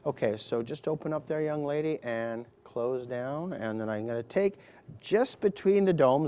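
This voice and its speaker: A man's voice: medium pitch, normal speed, warm tone, smooth. A middle-aged man, a surgeon, narrating a live procedure demonstration to an audience, explaining each step with chatty, joking asides.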